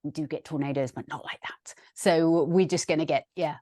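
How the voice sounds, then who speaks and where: A woman's voice: deep voice, fairly even intonation, moderate pace, dark tone, no room sound. Chatty woman weather podcaster, dry sound. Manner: chatty, explains weather, laughs readily. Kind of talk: casual chat.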